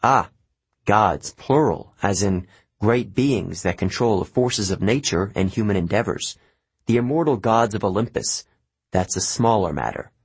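Man doing a kindly centaur tutor, measured and formal, low husky voice, storybook read. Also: no room sound. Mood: patient. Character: patient, kindly male centaur teacher.

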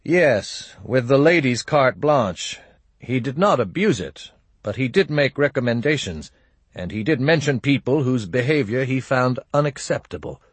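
A man's voice: mid-range voice, lively intonation, unhurried, breathy edge, no echo, pitched above the performer's own voice. A man voicing a wry, world-weary army colonel in an audiobook, talking in a dry, confiding way. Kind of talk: audiobook character voice.

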